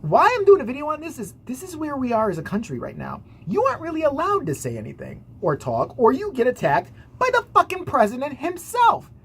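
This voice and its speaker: A woman's voice: high voice, wildly swooping pitch, a little fast, hardly any pauses. Sarcastic foul-mouthed woman vlogger. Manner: sarcastic, swears a lot. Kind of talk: casual profane commentary.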